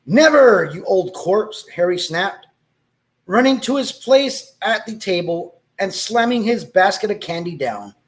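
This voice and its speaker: A man's voice: sits high, very animated, measured pace. A man reading a story aloud, breaking off to laugh and make asides, with Spanish exclamations.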